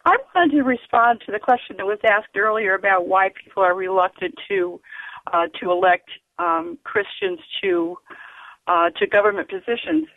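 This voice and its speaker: A woman phones in to a talk radio show to make her point, speaking earnestly and emphatically while pausing often on fillers. Her voice comes through a narrow, tinny telephone line, dry with no room sound, at a middle pitch. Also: expressive, no room sound. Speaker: caller. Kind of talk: call-in radio comment.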